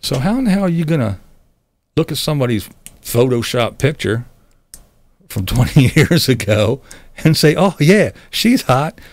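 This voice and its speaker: A middle-aged man chats with his live-stream viewers in a blunt, sarcastic, profane way. His voice has a gravelly edge at a middle pitch, and it is recorded close and dry. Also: animated, normal speed, pauses often, no room sound. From Pennsylvania. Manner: blunt, sarcastic, swears freely, laughs often. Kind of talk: casual live-stream chat.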